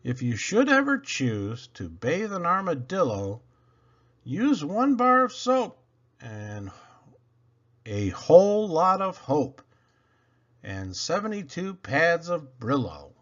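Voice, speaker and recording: A man's voice: a little high, wildly swooping pitch, slow pace, fairly bright tone, highs cut off. A man reading children's poems aloud, playful and theatrical. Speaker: children's book reader.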